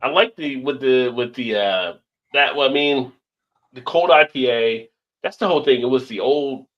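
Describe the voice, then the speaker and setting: A man's voice: mid-range voice, normal speed, lo-fi sound. A man hosting a casual chat show, reading viewer comments aloud, rambling and laughing often. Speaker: show host.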